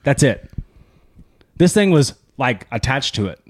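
A man co-hosting a podcast, telling stories in casual chat, profane and animated. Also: medium pitch. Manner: fast, profane, animated storytelling. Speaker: podcast co-host.

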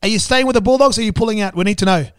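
A man's voice: sits high, very fast, dry recording, studio quality, voice pushed up, lightly acted. A man quoting a pushy male newspaper journalist who presses with insistent questions. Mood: pressing.

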